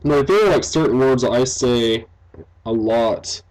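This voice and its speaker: Young man, slow halting delivery, game commentary, lots of "um" and "like", laughs easily. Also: medium pitch, darkish tone, rough recording. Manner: rambling, full of fillers like "um", "like" and "you know"; laughs often, self-deprecating. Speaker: game developer and let's-play commentator. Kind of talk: casual gameplay commentary.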